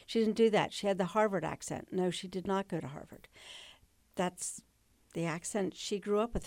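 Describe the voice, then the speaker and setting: A woman's voice: mid-range voice, normal speed, darkish tone, dry recording. A woman in her sixties from Northern Virginia, a guest telling stories in a casual interview and laughing often. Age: 60s. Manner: chatty storyteller, laughs often.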